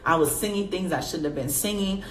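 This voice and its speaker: Animated woman telling her story in an echoey room. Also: a little fast. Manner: animated, acts out her own past reactions in a high voice; addresses viewers directly as y'all. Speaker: faith vlogger. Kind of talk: personal storytelling to camera. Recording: echoey room with faint background noise.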